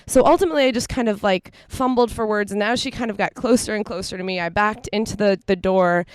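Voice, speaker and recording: A woman who sings in a band, relaxed as a guest in a casual interview, telling stories and laughing easily. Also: medium pitch, fast talker, clear, resonant tone, no room sound. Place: outdoors on a city street.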